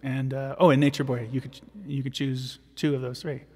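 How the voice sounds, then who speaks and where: A man's voice: medium pitch, flat delivery, moderate pace, darkish tone, breathy edge, big-room sound. A man, a vocal jazz arranger, chatting casually and self-deprecatingly with viewers while recording his own vocal parts.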